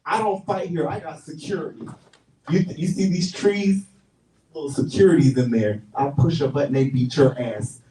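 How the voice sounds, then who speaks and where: A man's voice: fairly high pitch, normal speed, dark tone, slight background noise. A man hosting a comedic live talk show on stage, teasing the audience with mock-serious banter. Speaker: host. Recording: roomy stage sound from far off.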